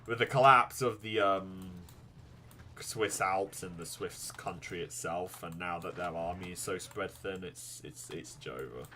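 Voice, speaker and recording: A man's voice: deep voice, fairly even intonation, measured pace, background noise. A man commentating a strategy game as he plays, muttering to himself, then suddenly pleading and swearing at the screen. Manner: swings from mumbled muttering to loud pleading outbursts, swearing. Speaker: gaming YouTuber. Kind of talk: live gameplay commentary.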